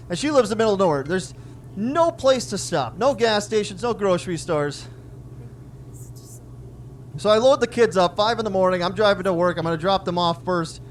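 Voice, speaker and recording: This man's voice sits high, and there's a little hiss or hum on the recording. He's a stand-up comedian in his forties, telling stories about his daughters full of self-deprecating jokes and performing the family dialogue himself.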